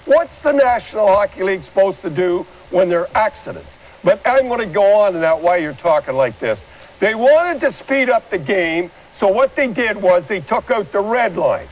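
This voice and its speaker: A man's voice: high-pitched, big pitch swings, normal speed, poor audio. An older man giving blunt, rambling hockey commentary and pointing viewers at replays in a studio. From Canada. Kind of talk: opinionated sports commentary.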